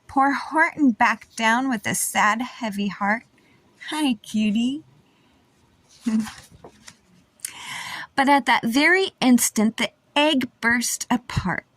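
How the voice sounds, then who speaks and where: A woman reading a rhyming children's book aloud in a sing-song, animated storytime voice. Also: sits high, no echo. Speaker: storytime reader.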